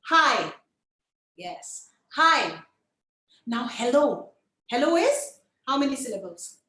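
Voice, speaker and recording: A woman teaching an online puppetry workshop, lively and demonstrative, coaxing the group to try along with her. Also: high-pitched, a little slow, echoey room, low-quality recording.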